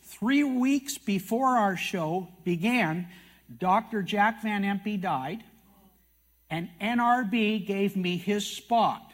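An older man from Canada tells his testimony as a sermon, with a high voice. His manner is folksy and self-mocking. He mixes in acted quotes from other people. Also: takes it slowly. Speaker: TV prophecy teacher speaking at a meeting.

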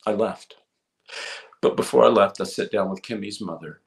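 A man's voice: on the low side, normal speed, creaky. A man preaching, telling a story in an earnest sermon style and repeating emphatic phrases.

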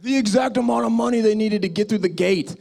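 Talking fast in a high-sitting, creaky voice, a male pastor addresses his congregation directly during a sermon. He alternates between loud exhortations and quiet asides.

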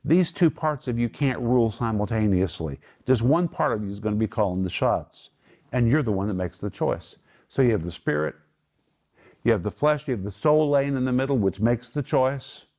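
A man's voice: mid-range voice, lively intonation, normal speed, a little mellow. Emphatic male Bible teacher. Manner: emphatic, swings his voice up to stress points. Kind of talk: Bible teaching to a small group.

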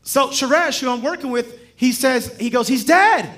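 A man as guest preacher, telling stories in a sermon in a lively, humorous way and chuckling as he speaks. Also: extremely high pitch, normal speed. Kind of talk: sermon with storytelling.

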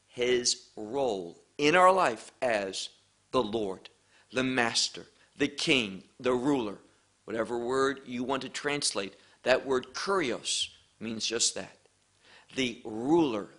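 Male preacher, sermon, slow deliberate delivery, lively rising and falling pitch. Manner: slow, emphatic teaching with scripture quotes.

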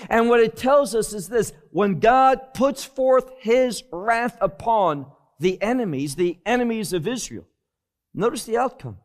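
A man preaching a Bible teaching sermon, slowly and emphatically explaining Hebrew words verse by verse. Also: high voice, expressive.

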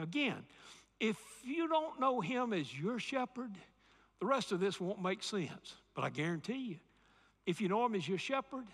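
A man's voice: sits high, fairly bright tone, big-room sound. A man from Alabama with a Southern American accent, preaching a sermon with emphatic repetition and calls for the congregation to respond. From Alabama, USA. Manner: emphatic preaching, repeats key phrases, calls for audience response. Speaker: pastor.

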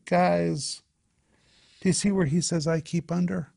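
A man's voice: fairly high pitch, moderate pace, creaky, warm tone. A man teaching a Bible study in an emphatic way, repeating his key phrases.

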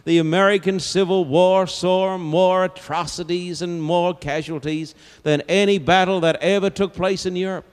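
A man preaching an evangelistic sermon in a large auditorium, telling a story dramatically and moving from hushed lines to loud ones. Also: sits high, steady tone, measured pace, clear, resonant tone. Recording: long auditorium reverb.

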